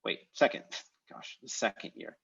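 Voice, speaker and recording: A man's voice: moderate pace, a bit bright, muffled recording. A man teaching a live online language class over a video call, explaining step by step with many "uh"s and "um"s. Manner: explanatory, with frequent "uh" and "um".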